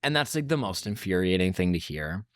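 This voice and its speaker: A man's voice: low-pitched, sing-song, a little fast, dry recording, clean studio sound. A man hosting a podcast, asking reflective questions in a casual, chatty way. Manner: warm, reflective questioning with filler "like". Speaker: podcast host.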